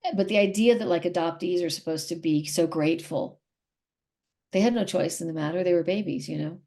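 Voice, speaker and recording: A woman's voice: on the low side, fairly quick, mellow. A middle-aged woman speaking candidly as an interview guest, emotional and rambling, often repeating herself.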